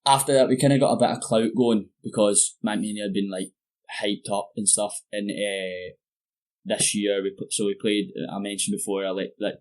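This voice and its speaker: A man's voice: lowish voice, steady tone, moderate pace, a little mellow. A Scottish man chatting casually as a podcast guest, telling stories in a loose, sweary way full of "like" and "mate". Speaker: guest musician. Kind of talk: casual chat over beers.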